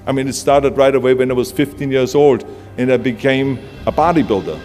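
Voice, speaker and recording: Talking a little fast in a mid-range, slightly mellow voice, an Austrian-accented motivational speaker gives a blunt, punchy speech. Music plays underneath, and the sound has long hall reverb.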